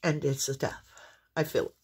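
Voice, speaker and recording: A woman's voice: very deep voice, steady tone, normal speed, a little mellow, slightly rough. A woman giving an intuitive tarot reading to viewers, earnest and exclamatory, with fits of coughing. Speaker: tarot reader.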